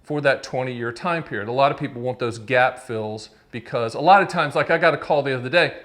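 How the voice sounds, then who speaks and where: A man's voice: medium pitch, a little fast, a bit bright. A man in his fifties hosting his own annuity explainer video, chatty and joking, teasing his producer off camera and drifting into digressions. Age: 50s. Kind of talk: casual direct-to-camera explainer.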